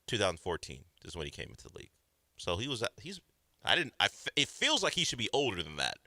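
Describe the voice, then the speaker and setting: A man's voice: fairly low pitch, huge pitch swings, fast, bright, forceful tone, no echo, clean studio sound. A man co-hosting a sports talk radio show, skeptically needling the others in casual banter. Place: radio studio.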